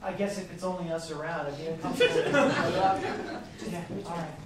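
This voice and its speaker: A woman's voice: fairly low pitch, normal speed, a loud crowd. A woman performing live improv comedy, hesitant and politely awkward. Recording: echoey hall from far off, loud noise.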